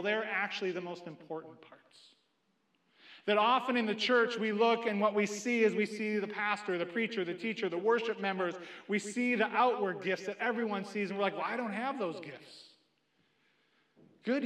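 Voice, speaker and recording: High-voiced preacher in an echoey church. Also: male voice. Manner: earnest storytelling preacher, quotes others in lively asides. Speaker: pastor. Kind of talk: sermon. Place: church sanctuary.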